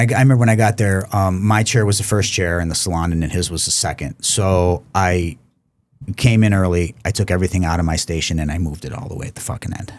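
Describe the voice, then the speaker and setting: A man, a podcast guest, telling a long personal story in an animated, profane way, often repeating words. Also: sits low. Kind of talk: casual storytelling.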